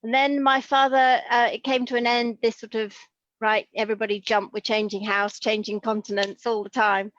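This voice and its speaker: A woman's voice: on the high side, level tone, moderate pace, a bit bright, dry recording. A middle-aged woman from Liverpool, a consultant podiatrist, talks eagerly and chattily, with plenty of asides. Her call audio is dry and a little muffled. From Liverpool, England. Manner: chatty, enthusiastic, full of asides. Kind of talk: interview over video call.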